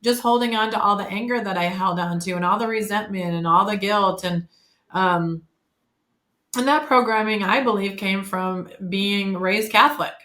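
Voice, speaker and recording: A woman in her fifties talking as a podcast guest, candid and chatty, often pausing on fillers and correcting herself mid-sentence. Her voice sits in a middle pitch and is recorded in a noticeably echoey room. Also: bright, forceful tone. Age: 50s. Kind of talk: casual conversational interview.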